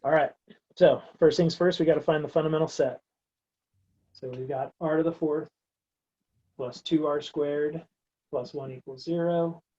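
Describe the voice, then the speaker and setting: A man's voice: on the high side, steady tone, normal speed, pauses often, dark tone, breathy edge, lo-fi sound. A man teaching a recorded math lecture, working through steps aloud in a casual, wry way. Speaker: math instructor.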